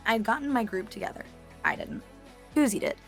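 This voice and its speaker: A young woman telling a story as an interview guest, animated and chatty, laughing and swearing as she goes. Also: a little high, fairly quick, soft background music. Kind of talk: casual storytelling.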